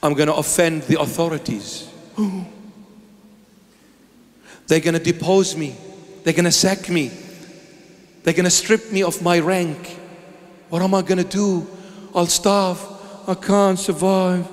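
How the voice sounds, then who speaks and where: A man's voice: high voice, fairly even intonation, a little slow, long pauses, pitched above the performer's own voice. A man preaching, putting on the voice of a fearful, self-serving male cleric who whines about losing his rank, with an anxious singsong manner. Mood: fretful. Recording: long echoing reverb.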